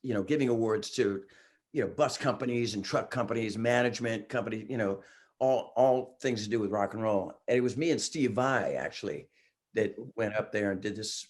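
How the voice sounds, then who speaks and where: A man in his sixties, a singer guesting on a podcast, telling excited stories in casual chat and laughing often. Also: on the low side, brisk. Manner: excitable storyteller, laughs often, acts out quotes.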